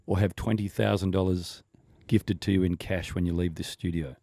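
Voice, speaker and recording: A man's voice: low-pitched, steady tone, moderate pace, gravelly, dark tone, dry recording, clean studio sound. A middle-aged Australian man hosting a radio show, telling wry anecdotes in casual banter. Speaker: radio host. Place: radio studio.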